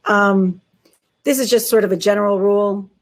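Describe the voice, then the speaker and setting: A woman psychiatrist who is a guest in an interview, explaining clinical cases in an emphatic, brisk, conversational way with casual idioms. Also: medium pitch, fairly even intonation.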